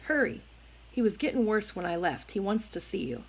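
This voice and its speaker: A woman voicing a tough, reckless teenage boy in a gang in a storybook reading, talking hard, gruff and impatient. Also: medium pitch, very animated, moderate pace, low-quality recording. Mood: urgent.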